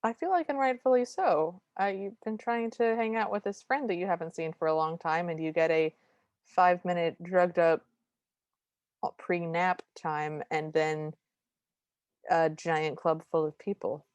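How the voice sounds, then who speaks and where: A woman's voice: fairly low pitch, fairly even intonation, unhurried, no room sound, highs cut off. A woman co-hosting a podcast who reacts with short, wry comments and asides. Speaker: podcast co-host. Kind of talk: casual chat.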